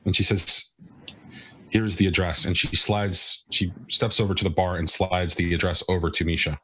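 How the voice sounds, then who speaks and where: A man narrating as game master in a tabletop role-playing game, relaxed, with frequent restarts. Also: low-pitched, moderate pace, breathy edge, no echo.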